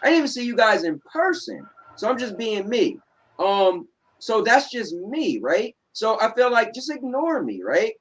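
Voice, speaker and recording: Blunt New Jersey man, high voice. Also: very animated, moderate pace, husky, low-quality recording. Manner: blunt, sarcastic, repeats "right?". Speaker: show host. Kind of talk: casual chat. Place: home.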